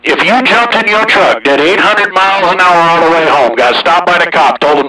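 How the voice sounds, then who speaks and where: A man talking casually over a CB radio, boastful and folksy, with a slow drawl. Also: on the high side, pushed and bright, slightly rough, recorded from a distance, low-quality recording. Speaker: CB radio operator hosting the channel.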